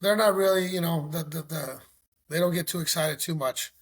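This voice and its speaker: A middle-aged man from Mexico, a former pro pitcher, telling stories in a casual interview, animated and acting out phone calls. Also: normal speed. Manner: animated, acts out phone calls, says "you know" often.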